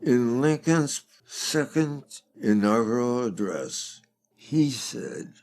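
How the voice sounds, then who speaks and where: An older man, a fundraising expert, talking slowly and deliberately as a guest in a conversational interview. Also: mid-range voice, lively intonation, vocal fry, darkish tone.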